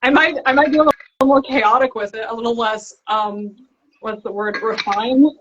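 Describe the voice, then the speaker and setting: A woman's voice: fairly high pitch, steady tone, moderate pace, a bit bright, slight background noise. A young woman, an author, chatting casually and laughing often on a live video chat. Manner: giggly, chatty. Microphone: video call. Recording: lo-fi livestream audio.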